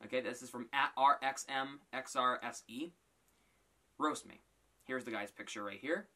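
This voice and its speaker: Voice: mid-range voice, moderate pace, bright, forceful tone. A YouTuber hosting a casual reaction vlog, reading tweets aloud and reacting with frequent exclamations. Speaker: YouTuber host.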